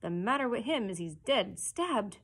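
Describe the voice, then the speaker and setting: A woman's voice: mid-range voice, animated, moderate pace, fairly bright tone, slightly rough. A woman voicing a frightened grown male pirate who speaks hollow and gibbering in a storybook reading. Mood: scared.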